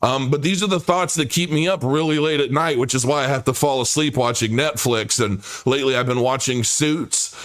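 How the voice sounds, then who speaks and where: A man's voice: mid-range voice, fairly bright tone. A man in his forties talks off the cuff on a livestream, with a mid-range voice. He rambles and stops short, often restarting his sentences partway through. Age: 40s. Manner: rambling, halting, many restarts and fillers. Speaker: crypto livestream host. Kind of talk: casual livestream monologue.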